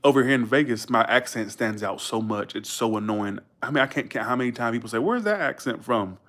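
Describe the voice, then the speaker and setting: A man from Georgia with a Southern accent, chatting bluntly and quickly to his livestream viewers, swearing freely. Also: medium pitch, fairly even intonation, fairly bright tone. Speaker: livestream host. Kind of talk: casual livestream chat.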